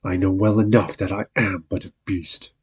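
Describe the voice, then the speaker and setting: Gruff, melancholy male beast in a storybook, as a male reader voices him; low and raspy, awkwardly polite. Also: steady tone, moderate pace, darkish tone, highs cut off.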